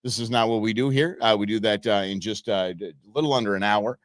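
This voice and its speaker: A man's voice: fairly low pitch, quick pace, no room sound. A man from the United States hosting a show, chatting casually over viral videos with a rambling, chuckling manner and many fillers. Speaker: show host.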